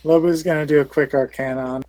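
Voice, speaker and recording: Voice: medium pitch, steady tone, fast talker, darkish tone. A tabletop player describing their character's actions, hesitant and playful with many restarts.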